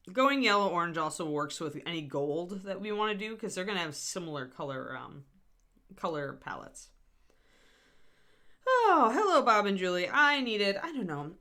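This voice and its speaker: A middle-aged woman hosts a live miniature painting tutorial in a lowish, sharp-toned voice. Chatty and self-deprecating, she talks through her steps with scattered asides.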